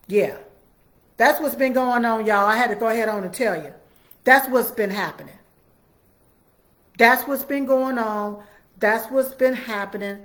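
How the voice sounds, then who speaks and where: A woman's voice: on the high side, fairly bright tone. A woman giving fiery, repetitive political commentary and talking straight to her viewers.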